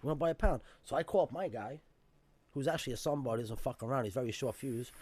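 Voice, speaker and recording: A man's voice: medium pitch, fast, a little mellow. A man telling a story in casual podcast chat, emphatic and profane in a street style.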